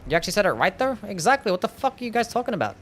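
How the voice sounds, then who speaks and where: A man's voice: sits high, very animated, racing, a bit bright, slight background noise. A man streaming a video game live, talking back to his chat in an exasperated way and swearing often. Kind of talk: live-stream commentary while playing.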